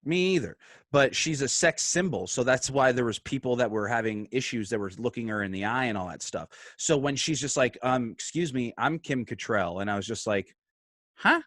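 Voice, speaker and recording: A podcast guest with a medium-pitched male voice tells a story at a normal pace, swearing freely and acting out what the people in it said. His delivery is animated, and the recording is dry and studio quality.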